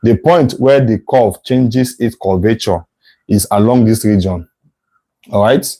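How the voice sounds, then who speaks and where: A man's voice: fairly low pitch, measured pace, dark tone, rough recording. A male math tutor teaching a live online lesson, thinking aloud as he sketches a curve, correcting himself and checking in with "right?".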